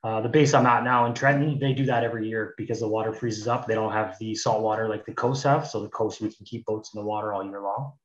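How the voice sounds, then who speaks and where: A man's voice: fairly low pitch, fast talker, hardly any pauses. Man, casual rambling talk, from Canada, roomy echo, dull lo-fi audio. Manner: relaxed, rambling with many fillers. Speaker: guest, search and rescue technician. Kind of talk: casual conversation.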